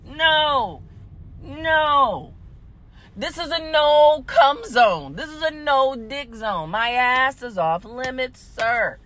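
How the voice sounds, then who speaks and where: Speaking slowly in a high voice with hardly any pauses, a podcast host recounts a story in a profane, blunt, casual way. Frequent laughs keep it animated, and she addresses her listeners directly as "y'all."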